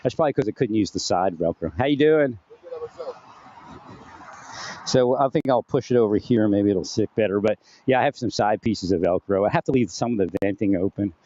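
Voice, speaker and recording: A man's voice: fairly low pitch, brisk, warm tone, muffled recording. A man rambling through a personal monologue into his own mic at home, distracted and restarting often. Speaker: vlogger. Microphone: home recording setup with phantom-powered mic.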